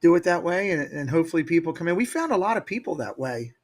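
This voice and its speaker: Upbeat man, fairly high voice. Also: fast. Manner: energetic, upbeat, motivational. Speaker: guest, Disney YouTube creator. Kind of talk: casual interview storytelling.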